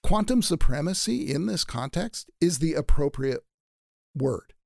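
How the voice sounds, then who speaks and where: A man's voice: on the high side, animated, measured pace, vocal fry, dry recording, clean studio sound. A man co-hosting a casual conversation, speaking in an emphatic, opinionated way.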